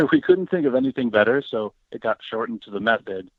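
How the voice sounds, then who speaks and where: A man's voice: medium pitch, brisk, creaky, crowd noise. A man speaking as a guest on an interview show, talking casually and animatedly and often acting out what other people say. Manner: animated, acts out quoted voices. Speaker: guest, paranormal educator. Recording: tinny phone line, dry.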